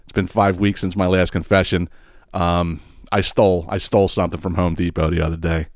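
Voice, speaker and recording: A man voicing a nervous young man who confesses hesitantly and quietly. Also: low voice, little pitch movement, a little fast, no echo, studio quality, pitched below the performer's own voice.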